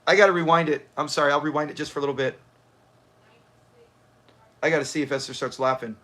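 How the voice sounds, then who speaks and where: A man hosts a live watch party, talking casually and reacting as he goes. His voice sits a little high and has a bright, forceful edge. He laughs often and answers viewers from the chat. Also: steady tone, fast. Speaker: livestream host.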